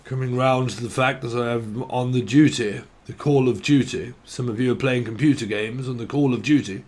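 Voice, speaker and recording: A man's voice: mid-range voice, a little mellow, natural voice. A man impersonating a pompous elderly male royal who lectures in a plummy, stiff manner.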